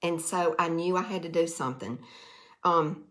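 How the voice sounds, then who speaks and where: A middle-aged woman from the Mississippi Delta, a direct sales vlogger, gives an emotional testimonial to camera in a Southern accent. She's earnest, folksy, and heartfelt, often repeating herself, and her lowish, slightly bright voice moves at a moderate pace.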